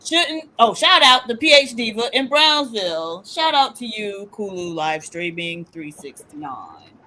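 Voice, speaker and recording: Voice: mid-range voice, expressive, a little slow, pushed and bright, poor audio. A co-host on a casual live stream, teasing in a sassy way. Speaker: show co-host.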